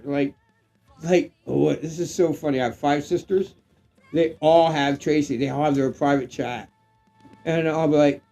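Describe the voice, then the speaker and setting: Drunk middle-aged man, rambling livestream chat, swearing, a bit high-voiced, faint music behind. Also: moderate pace, gravelly. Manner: rambling, loose and excitable, swearing, drifts into shouts. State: getting drunk. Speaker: live stream co-host.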